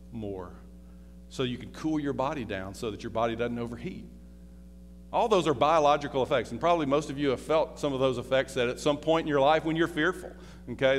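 Middle-aged guy preaching, chatty, asks the crowd stuff, long reverb in the hall. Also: mid-range voice. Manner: conversational, asks the congregation questions, tells personal stories. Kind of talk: sermon. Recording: reverberant hall with faint hum.

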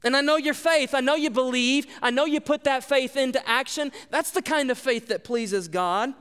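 A man's voice: very high voice, moderate pace, a bit bright, clean tone, in a large hall. A male pastor delivering a sermon, emphatic and repetitive, asking the congregation rhetorical questions.

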